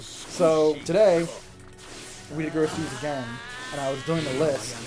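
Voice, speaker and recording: A woman's voice: low voice, normal speed. A woman telling a rambling, giggly story to a friend while they play a video game. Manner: giggly, rambling, animated retelling. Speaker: let's play co-host. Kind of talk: casual storytelling chat. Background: game music.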